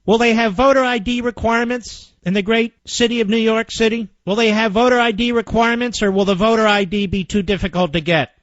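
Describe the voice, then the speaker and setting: A man's voice: sits high, steady tone, a little fast, few pauses, a bit bright, no echo. A man hosting a political radio talk show, sarcastic and indignant as he mocks the clips he plays. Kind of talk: combative political radio commentary. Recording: muffled lo-fi broadcast audio.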